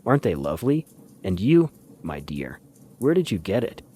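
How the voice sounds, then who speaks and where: A man's voice: low voice, sing-song, moderate pace, dark tone, slightly rough, heavily acted. A man reading a breezy, flippant English society woman in an audiobook, with clipped, airy upper-class phrasing. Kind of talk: audiobook character voice.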